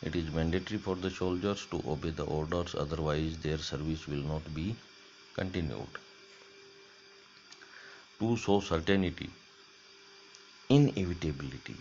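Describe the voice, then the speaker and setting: Male lecturer, very deep and unhurried, methodical and repetitive delivery, muffled lo-fi sound. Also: a little mellow, a little hiss or hum. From India. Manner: slow, deliberate, repeats example sentences. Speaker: college lecturer. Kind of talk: grammar lecture. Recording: dull lo-fi lecture recording.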